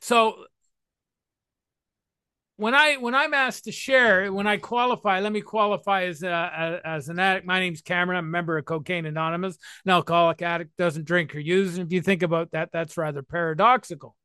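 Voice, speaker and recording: A man in his sixties with a high, bright, forceful voice, recorded dry and close. He speaks about recovery in a playful, emphatic, animated way. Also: fairly quick, clean tone, no echo. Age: 60s. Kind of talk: talk to listeners on recovery.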